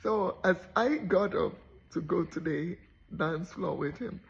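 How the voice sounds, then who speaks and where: A woman giving a motivational talk as a story, animated and acting out the voices of the people in it. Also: fairly low pitch, measured pace, vocal fry, highs cut off. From Nigeria. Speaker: motivational speaker.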